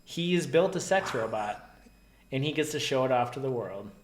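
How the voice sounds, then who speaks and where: A man co-hosting a reaction video, animated and laughing, with crude jokes. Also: mid-range voice, moderate pace. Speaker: co-host.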